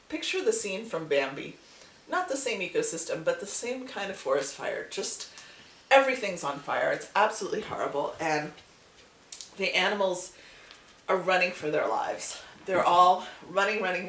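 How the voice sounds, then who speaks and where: A woman hosting her channel, telling a folk tale in a casual, animated way with chatty asides. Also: fairly low pitch, moderate pace. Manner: animated, repetitive storytelling with asides. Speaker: channel host and storyteller. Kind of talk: casual storytelling vlog. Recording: echoey room, distant mic, faint hiss.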